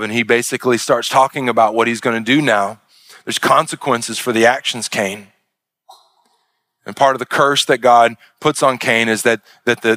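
A man's voice: mid-range voice, fairly bright tone, dry recording. A male pastor preaching a sermon with emphatic delivery and repeated parallel phrases.

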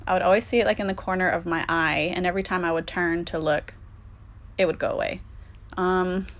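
A young woman telling a personal story in a casual, candid way, with lots of fillers and swearing. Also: on the low side.

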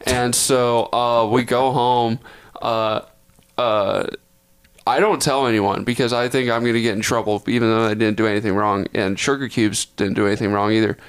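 A man's voice: mid-range voice, little pitch movement, moderate pace, smooth. Profane, rambling young man telling a story. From Texas. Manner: rambling, profane, self-correcting. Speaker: podcast co-host. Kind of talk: casual storytelling.

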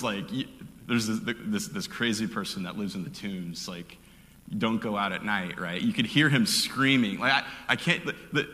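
A man's voice: mid-range voice, pushed and bright. A man preaching a casual, conversational sermon, telling the story with lots of fillers and restarts. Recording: hall with long reverb.

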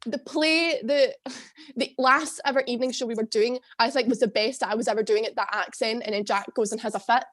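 A woman's voice: a little high, steady tone, a little fast, a bit bright. A young Scottish woman, a former drama student, in a rambling casual chat, laughing often and swearing. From Scotland. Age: young adult.

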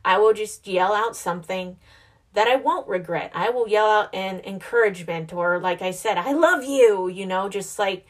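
Chatty young mom talking to camera. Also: female voice, mid-range voice, fairly even intonation, moderate pace. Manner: chatty and rambling, self-reflective, laughs easily. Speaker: mother vlogger. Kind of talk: casual chat.

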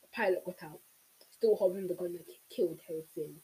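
Mellow-voiced audiobook reader. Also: medium pitch, fairly quick, poor audio. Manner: steady narration with small slips. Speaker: audiobook reader, channel host. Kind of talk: reading a novel aloud.

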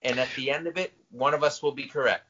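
A man's voice: medium pitch, sharp tone. A middle-aged man co-hosting a podcast in casual chat, teasing and interrupting his partner. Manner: teasing, interrupting, quick to laugh. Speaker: podcast co-host. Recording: dull lo-fi podcast audio.

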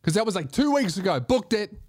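This is a comedian hosting his own show, delivering a sarcastic, profanity-laced rant. His voice sits notably high for a man, and his grievances pile up one after another. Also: big pitch swings, brisk, darkish tone. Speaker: comedian host. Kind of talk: comedic podcast monologue.

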